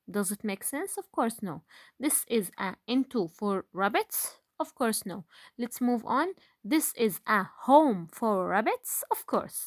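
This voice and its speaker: A grade one teacher gives an online phonics lesson, slow and patient, with frequent fillers and rhetorical questions. Her voice is on the high side, recorded in clean studio quality with no room sound.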